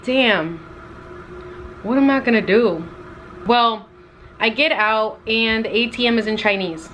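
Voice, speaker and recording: Bright-voiced young woman telling a story. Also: a little high, a little hiss or hum. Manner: animated, acts out quotes with lots of "like". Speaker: travel vlogger. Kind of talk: casual storytelling to camera.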